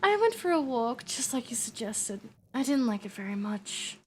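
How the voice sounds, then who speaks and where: A woman's voice: on the high side, big pitch swings, moderate pace, a little hiss or hum. A woman voicing an ancient, squeamish and haughty vampire woman, in a prim, fussy, complaining manner.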